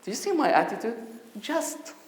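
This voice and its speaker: A man shares a personal story from a conference stage, his voice rising and falling in wide, lively swings. He bursts out loud when he acts out other people's words. The sound carries a long, roomy hall echo. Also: medium pitch, a little slow. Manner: animated, acts out voices with sudden loud outbursts. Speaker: conference speaker. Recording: echoey hall.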